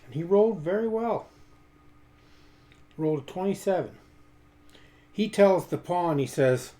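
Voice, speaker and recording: A man player describing his character's moves in a tabletop game, halting at times. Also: high-pitched, expressive, warm tone. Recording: echoey room.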